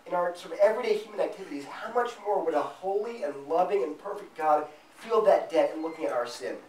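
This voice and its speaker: Man, fairly high voice, forceful apologetics lecturer, heard from a distance in an echoey room. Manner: emphatic, acts out imagined back-and-forth dialogue. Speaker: invited speaker at a student fellowship event. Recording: roomy sound, mic at a distance.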